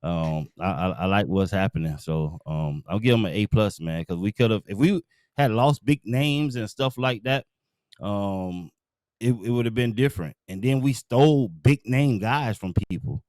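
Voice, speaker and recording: A man with a very low, smooth, resonant voice, talking sports as a show guest. He speaks loosely in slang, with lots of fillers and pauses. The sound is close and dry. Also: lively intonation, a little mellow, no echo. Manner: laid-back slang, many fillers. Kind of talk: casual sports talk.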